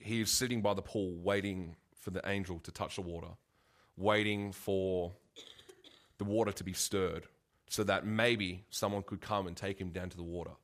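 A man's voice: deep voice, fairly bright tone. A man preaching a casual, conversational sermon, full of asides and restarts.

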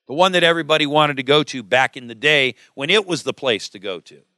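A middle-aged man delivers a sermon with emphatic, questioning force. His voice sits a bit high for a man and rings bright and crisp. The sound is dry and close. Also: lively intonation, fast talker, dry recording. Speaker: preacher.

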